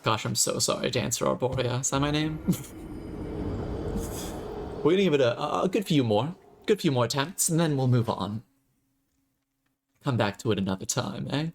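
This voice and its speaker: A man's voice: mid-range voice, expressive, moderate pace, gravelly, pauses often, slight background noise. A man streaming a video game, joking, theatrical and profane as he retries. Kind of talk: gaming livestream commentary.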